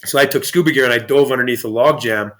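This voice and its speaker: A man's voice: medium pitch, fast, a bit bright. A man guest on a podcast interview, telling stories in a rambling, profane way with many restarts. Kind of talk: casual storytelling interview.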